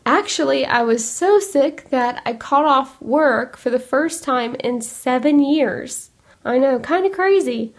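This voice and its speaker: A woman's voice: high-pitched, animated, a little slow. A young woman hosting a podcast, a little congested, chatting in a rambling, upbeat way. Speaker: podcast host. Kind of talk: casual chat.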